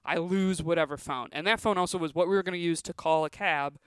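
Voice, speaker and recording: A comedian in her thirties, appearing as a guest on a podcast, rambles casually through her stories with plenty of filler words. She speaks quickly in a smooth, fairly low voice, and there is no echo.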